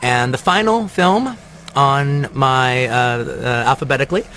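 A man's voice: mid-range voice, a little slow, pushed and bright, slight background noise. A man giving rambling, enthusiastic commentary on his favorite films, with many fillers. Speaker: film reviewer. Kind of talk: casual movie-list commentary.

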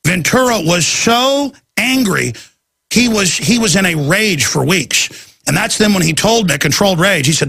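A man's voice: high-pitched, expressive, moderate pace, vocal fry, pushed and bright, breathy edge, no echo. A man hosting a talk show, delivering a rambling, ranting monologue full of restarts and stammers, acting out other people's voices. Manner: acts out quoted people in shifting voices.

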